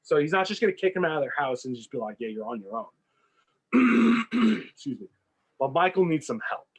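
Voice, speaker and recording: Talking fairly quickly in a somewhat high, slightly rough voice, this podcast co-host spins an invented film plot in a casual storytelling chat. He's animated and performs the characters' dialogue, though the audio is poor.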